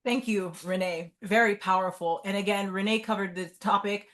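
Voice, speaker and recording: A woman's voice: medium pitch, steady tone, fairly bright tone. A woman hosting a conference, thanking and introducing speakers. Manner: slow, deliberate. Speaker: conference host.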